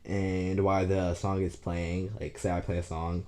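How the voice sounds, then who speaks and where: A man's voice: low-pitched, completely flat delivery, unhurried, warm tone. A man rambling through an unscripted fan story, stammering, restarting and cursing casually.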